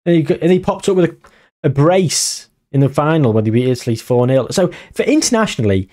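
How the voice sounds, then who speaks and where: A young man giving casual gameplay commentary, animated and exclaiming, chatting to his viewers as "gang". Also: on the high side, brisk. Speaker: gaming YouTuber.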